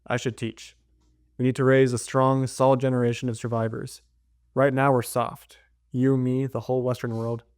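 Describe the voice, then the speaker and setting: A nervous male science teacher who talks his way around a hard choice, evasive and defensive, as a man reads his lines from a novel. His voice sits at a middle pitch, and the recording is dry and close. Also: little pitch movement, normal speed, a little mellow, clean tone, no echo, lightly acted. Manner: read aloud from a novel in his own voice. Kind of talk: reading a novel aloud.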